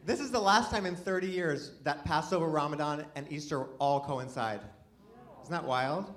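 A man does a stand-up set for a live audience, rambling and self-deprecating, with lots of false starts and restarts. His voice is fairly high and fairly bright, moderately paced, and the live room is filled with audience laughter.

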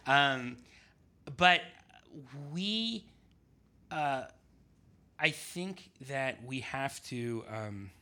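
A man talking casually in a conversation, pausing often with fillers and restarts. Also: medium pitch, sharp tone. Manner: halting, many fillers and restarts. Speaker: writer and podcast guest.

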